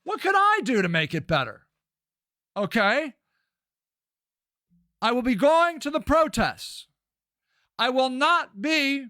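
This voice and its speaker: A man's voice: very high-pitched, bright, forceful tone, dry recording, studio quality. A middle-aged man hosting a live stream, reading chat and talking back in a sarcastic, profane, rambling way.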